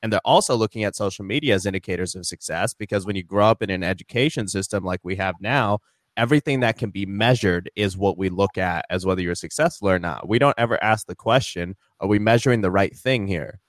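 A man's voice: lowish voice, fast, no room sound, clean studio sound. A man hosting a podcast, speaking in an earnest, reflective way. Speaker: podcast host. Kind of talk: casual podcast chat.

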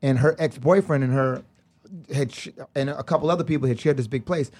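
A man chatting casually on a podcast, telling stories in a fast, animated way with lots of restarts. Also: mid-range voice.

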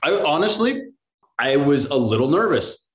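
A man in his thirties, an actor chatting as a podcast guest, rambling and animated with lots of fillers. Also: on the high side, moderate pace. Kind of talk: casual interview chat.

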